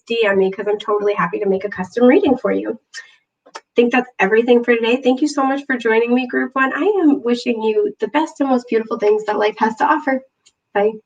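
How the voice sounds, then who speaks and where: A woman giving a casual tarot reading, bubbly and gushing, chatty with lots of fillers, clearing her throat from allergies. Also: on the high side, distant mic, lo-fi sound. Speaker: tarot reader. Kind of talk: casual spiritual reading to camera.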